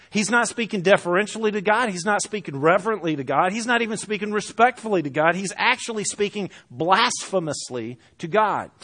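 A man preaching a sermon, reading scripture aloud and speaking with passion that swells and falls to hushed lows. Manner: impassioned, rising and dropping to hushed lows; reads scripture aloud in archaic phrasing.

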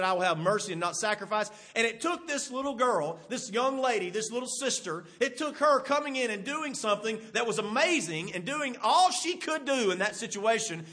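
A man preaching a sermon, animated, with emphatic bursts and rhetorical questions to the congregation, with a husky voice. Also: high-pitched.

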